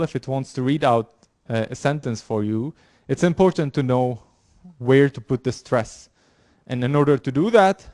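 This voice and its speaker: A man's voice: mid-range voice, darkish tone, no echo, clean studio sound. A man lecturing a university class, explaining with frequent fillers, repeated words and restarts. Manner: halting, many fillers and restarts. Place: lecture room.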